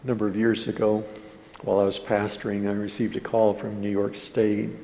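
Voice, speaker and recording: Gravelly low-voiced male pastor preaching. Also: level tone, fairly quick, dark tone. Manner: earnest storytelling, quoting others in dialogue. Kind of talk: sermon with a storytelling anecdote. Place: church hall. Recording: hall reverb with faint room noise.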